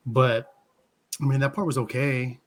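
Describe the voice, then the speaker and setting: A man with a mid-pitched voice co-hosts a casual podcast. He talks in a relaxed, slangy way. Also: measured pace. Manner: laid-back, slangy. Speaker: podcast co-host.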